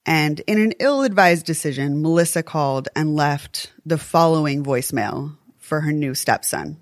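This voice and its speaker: A woman's voice: deep voice, normal speed, no room sound, studio quality. A woman co-hosting a true crime podcast, talking earnestly and emphatically and swearing when worked up. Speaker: podcast co-host.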